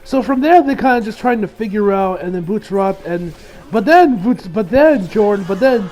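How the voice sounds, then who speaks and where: A man with a high voice talks through an anime episode in casual review style. He rambles, restarts his sentences, and laughs often. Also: animated, normal speed, a little mellow, poor audio.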